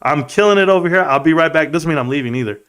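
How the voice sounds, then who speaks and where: Guy in his 30s streaming, high voice, jokey and rambly, chatting with viewers. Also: rapid-fire, fairly bright tone, clear, resonant tone. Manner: joking, rambling, reads chat aloud. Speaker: livestream host. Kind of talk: casual live-chat banter.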